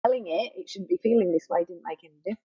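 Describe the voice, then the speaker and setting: Talking very fast in a husky, mid-range voice, a middle-aged woman grief counsellor delivers an earnest personal teaching talk, stressing points by repeating phrases. A faulty microphone leaves the dry recording muffled.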